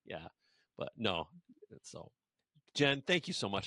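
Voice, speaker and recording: A man's voice: fairly low pitch, big pitch swings, slow, sharp tone. A man hosting a casual podcast, talking in a rambling way with lots of "you know" fillers. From United States. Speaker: podcast host. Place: rural village.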